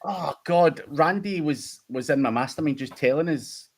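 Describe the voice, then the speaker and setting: A man's voice: fairly high pitch, moderate pace, husky. Scottish guy hosting a live q&a, swears constantly, laughs through his stories. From United Kingdom. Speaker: host. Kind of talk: casual livestream chat.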